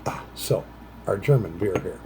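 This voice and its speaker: A middle-aged man chatting casually while smoking a pipe; he rambles, trails off into low mutters, and jumps into bright, higher voices for quoted phrases. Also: lively intonation, normal speed, gravelly, a little hiss or hum. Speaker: vlogger.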